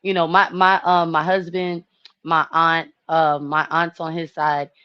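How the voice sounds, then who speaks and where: Animated woman chatting. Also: deep voice, measured pace, smooth, no room sound, lo-fi sound. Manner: animated, laughing, acts out relatives' voices. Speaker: host. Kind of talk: casual chat.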